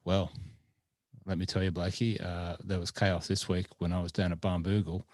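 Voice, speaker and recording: Male podcast host, lowish voice, dry close sound, rambling friendly chat. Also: little pitch movement, moderate pace, darkish tone, no echo. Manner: chatty, rambling, lots of fillers. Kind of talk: casual chat.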